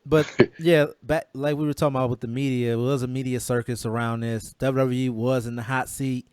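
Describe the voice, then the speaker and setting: A man's voice: mid-range voice, level tone, moderate pace, darkish tone, smooth, no echo, studio quality. A man hosting a podcast, asking questions and cracking jokes. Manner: inquisitive, joking. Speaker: podcast host. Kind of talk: casual podcast chat.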